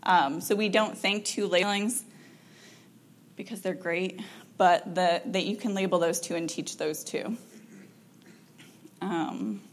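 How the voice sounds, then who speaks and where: Animated woman counselor talking to parents. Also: lowish voice, slow pace, pauses often, slight background noise. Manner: animated, acts out quoted parent and child lines; chatty with frequent ums and laughs. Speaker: parenting counselor giving a workshop. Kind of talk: informal talk to parents.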